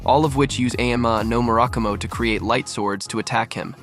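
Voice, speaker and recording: A man giving a steady, matter-of-fact scripted recap of an episode's events. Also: medium pitch, a little fast, soft background music. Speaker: recap narrator. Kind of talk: scripted narration.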